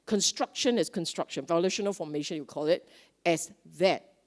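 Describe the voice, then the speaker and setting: A woman's voice: lowish voice, moderate pace. Woman, retreat teacher, chatty dharma talk that quizzes the room. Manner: lively, conversational, asks the audience questions.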